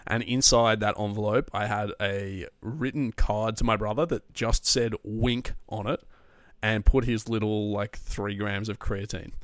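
A young man, co-hosting a podcast in a relaxed, joking way and laughing often. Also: fairly low pitch, a little slow, hardly any pauses, dry recording. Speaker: podcast co-host. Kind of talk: casual chat.

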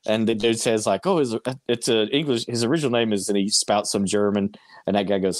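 A man's voice: steady tone, a little fast, dry recording, clean studio sound. A man co-hosting a podcast, reading out listener picks in casual chat and acting out quotes. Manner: reads listener picks, jumps into high put-on quotes. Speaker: podcast co-host.

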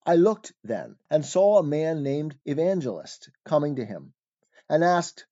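Brief: measured male narrator reading archaic prose, dark mellow tone, dull lo-fi sound. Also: fairly high pitch, very animated. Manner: measured, formal, archaic phrasing. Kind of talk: scripted narration of an old allegory. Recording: dull lo-fi recording.

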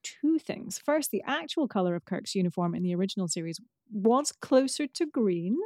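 A woman co-hosting a podcast, chatting casually with fillers and quick asides. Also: medium pitch, lively intonation, a little mellow, no room sound, studio quality. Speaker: podcast co-host. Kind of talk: casual chat about a TV episode.

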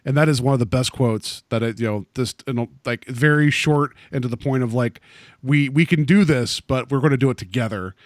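A man's voice: mid-range voice, fairly quick, no echo, clean studio sound. A man co-hosting a podcast, talking casually about a TV episode with lots of fillers and restarts. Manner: rambling, full of fillers and restarts. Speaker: podcast co-host. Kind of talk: casual chat.

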